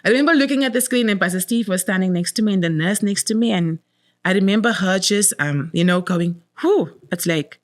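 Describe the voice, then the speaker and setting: A woman's voice: lowish voice, moderate pace. A middle-aged woman as an interview guest, giving an emotional personal testimony, repeating words for emphasis and quoting her own prayers. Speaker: guest sharing her story.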